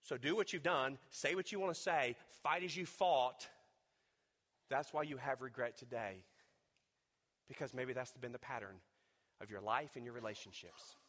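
A man preaching a sermon as pastor, dropping to hushed low talk and rising to loud, fervent peaks, often repeating words as he builds. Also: moderate pace, pauses often. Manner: repeats and restarts words when fired up. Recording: long reverb of a large hall.

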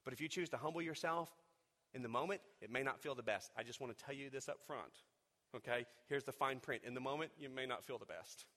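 A man preaching a sermon as pastor, dropping to hushed low talk and rising to loud, fervent peaks, often repeating words as he builds. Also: fast talker. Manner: repeats and restarts words when fired up. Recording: long reverb of a large hall.

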